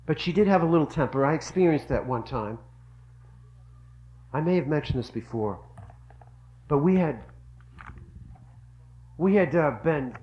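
A man's voice: medium pitch, a little mellow, rough recording. A middle-aged man giving an earnest devotional talk, telling stories and repeating phrases for emphasis. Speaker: religious speaker.

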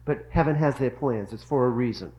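A man's voice: medium pitch, fairly quick, highs cut off. A middle-aged man giving an earnest devotional talk, telling stories and repeating phrases for emphasis. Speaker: religious speaker.

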